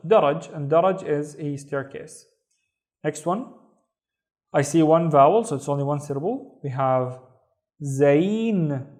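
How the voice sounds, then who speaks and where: Male Saudi-accented tutor; patient, unhurried delivery, higher-pitched voice, repeats each word for the learner. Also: darkish tone. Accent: Saudi Arabic. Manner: slow, careful, repeats words for pronunciation. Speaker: Arabic teacher. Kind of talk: online language lesson.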